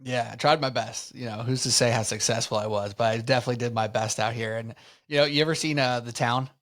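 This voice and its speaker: Young male podcast co-host, mid-pitched, laid-back and slangy, casual sports banter. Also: fairly even intonation, quick pace, fairly bright tone.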